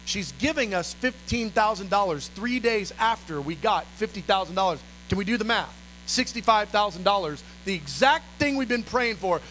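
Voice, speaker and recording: A male pastor telling a story in an animated, dramatic sermon style. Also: high-pitched, moderate pace, a little hiss or hum, rough recording.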